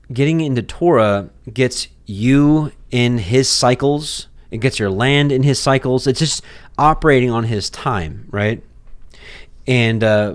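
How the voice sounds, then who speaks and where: Casual low-voiced young man teaching scripture. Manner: conversational, many fillers and restarts, acts out mock exchanges. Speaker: Torah teacher.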